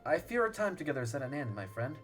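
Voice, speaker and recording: A man's voice: medium pitch, big pitch swings, quick pace, soft background music, natural voice. A man reading as a wry teasing commander. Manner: dry, teasing, formal. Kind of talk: reading game dialogue aloud.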